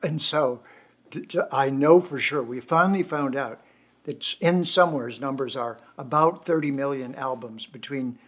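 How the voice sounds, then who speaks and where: An older man, a poet, closes a poetry evening with reflective, devotional words. His voice sits in a middle pitch, and he speaks in an easy storytelling way. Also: normal speed, a bit bright. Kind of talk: closing remarks at an online poetry night.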